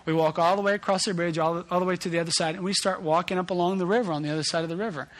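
A man preaches a sermon and leads in with a lively personal story. He pokes fun at himself as a parent. His voice sits slightly higher than most men's. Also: rapid-fire. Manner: animated storytelling, self-deprecating. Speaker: pastor.

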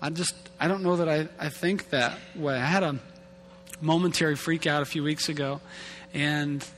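Higher-voiced male pastor in an echoing hall. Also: steady tone, moderate pace, a bit bright. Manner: casual, self-deprecating, repeats and restarts words. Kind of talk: conversational sermon. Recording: long hall reverb with faint hum.

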